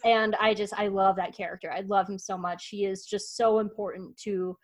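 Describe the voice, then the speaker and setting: This is a woman hosting a podcast in a loose, casual chat, sitting at a middle pitch. She gushes with enthusiasm and rambles, circling back with restarts and fillers like "like" and "um.". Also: fairly even intonation, moderate pace, low-quality recording. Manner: gushing, rambling with many restarts. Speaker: podcast host.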